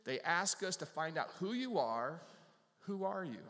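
A man's voice: big pitch swings, measured pace, a bit bright, full character voice. A man voicing suspicious male religious officials who keep pressing with questions. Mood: demanding. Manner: pressing, interrogating, raised pitch. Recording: long reverb from a large hall.

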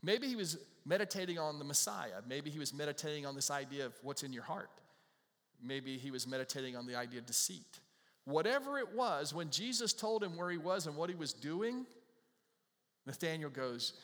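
A man delivers a sermon in a relaxed, conversational way, turning scripture into plain everyday talk. His voice sits a little high for a man, and the sound rings with the long reverb of a large hall. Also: fairly quick. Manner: conversational preaching, paraphrasing scripture in everyday words. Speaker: pastor.

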